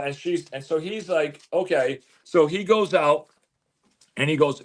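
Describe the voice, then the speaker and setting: A man telling a story as an interview guest, animated, stumbling and repeating words as he goes. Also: on the high side, unhurried. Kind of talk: casual storytelling.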